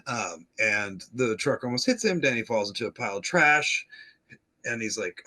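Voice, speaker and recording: A man's voice: mid-range voice, moderate pace, sharp tone. A male podcast host chattily recapping an episode, laughing often and acting out the characters' lines.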